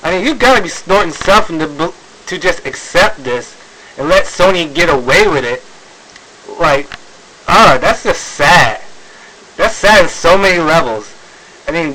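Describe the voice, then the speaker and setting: A man's voice: a little high, expressive, a little slow, pauses often, pushed and bright, a little hiss or hum, rough recording. A man ranting in a video commentary, exasperated, sighing, with many fillers and restarts. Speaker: video blogger.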